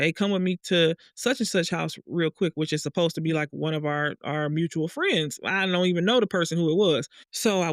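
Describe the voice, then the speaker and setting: A woman telling a dream story in a casual monologue, acting out the other people in higher voices. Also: dry recording, clean studio sound. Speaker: vlogger sharing a dream and astrology.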